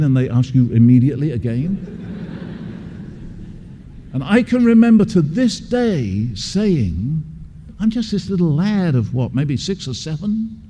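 A man's voice: a little high, very animated, moderate pace, warm tone, a little hiss or hum. A man from England, preaching an expository sermon. He talks emphatically and repeats key words for stress. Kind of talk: expository sermon with personal story. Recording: long hall reverb.

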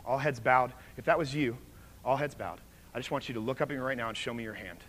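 A male preacher at a campus chapel service moves between vivid storytelling and low, earnest prayer. His voice sits at an ordinary middle pitch. A faint hum of room ambience runs underneath. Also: quick pace. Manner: animated storytelling that drops to soft, hushed prayer. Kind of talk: sermon with story and altar call.

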